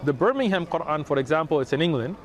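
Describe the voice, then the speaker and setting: A man's voice: fairly high pitch, animated, quick pace. A man, earnestly explaining his faith to a passer-by in a street conversation outdoors in a city. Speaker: religious outreach volunteer.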